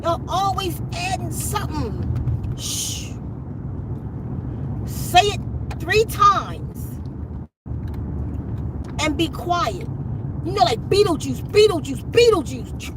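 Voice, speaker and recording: Woman host, high voice, casual spiritual teacher, emphatic and repetitive; noisy car interior. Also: sing-song, takes it slowly, long pauses. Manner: emphatic, repeats instructions to viewers; addresses audience as y'all. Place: inside a moving car with the window down.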